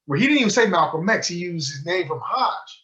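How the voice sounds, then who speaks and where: Guy telling a story at a book club, kinda high voice, lively, muffled lo-fi audio. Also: brisk. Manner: animated storyteller who acts out quoted dialogue. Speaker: sheikh giving a book club talk. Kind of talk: storytelling lecture. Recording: muffled lo-fi recording.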